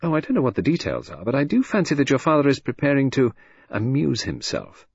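Man putting on a quick, vehement wife, sharp-tongued and ironic, lifted husky voice, lively swoops, dull dry recording. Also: mid-range voice, dry recording, pitched above the performer's own voice, heavily acted. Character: sharp-tongued, restless middle-aged wife.

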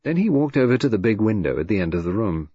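A man with a low, husky voice reads a novel in a measured, expressive way. His intonation moves widely through each sentence. The recording is dry and somewhat dull. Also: no room sound. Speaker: audiobook narrator. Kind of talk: scripted narration.

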